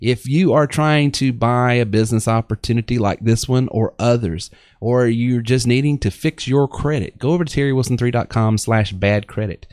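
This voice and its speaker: A man's voice: medium pitch, normal speed, a little mellow, dry recording, clean studio sound. A man with a Southern accent hosting a live online business show, chatting casually and rambling with lots of fillers and restarts. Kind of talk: casual live-stream chat with pitches.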